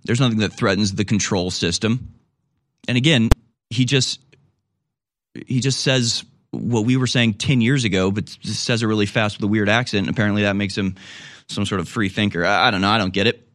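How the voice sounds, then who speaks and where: A man's voice: lowish voice, moderate pace, a bit bright, no room sound, studio quality. A man hosting a talk radio show, rambling sarcastically with frequent restarts.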